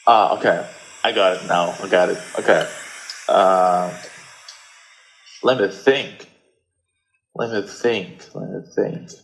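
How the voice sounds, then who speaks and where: A man's voice: sits low, takes it slowly, gravelly, long pauses, rough recording. A man with a Russian accent, a guest in a casual chat, who hesitates and searches for English words.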